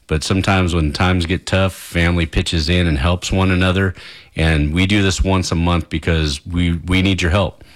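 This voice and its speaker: Casting note: man, very low voice, radio DJ, chatty pledge-drive host with easy chuckles, close studio mic. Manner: friendly rambling with chuckles. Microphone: studio broadcast mic.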